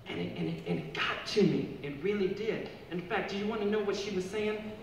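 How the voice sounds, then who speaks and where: Animated man speaking in an echoey hall. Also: fairly quick. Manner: playful and animated, rising high for emphasis. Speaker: speaker addressing students. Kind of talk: humorous speech to a school audience. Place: large hall or gym. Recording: echoey hall from far off with room noise.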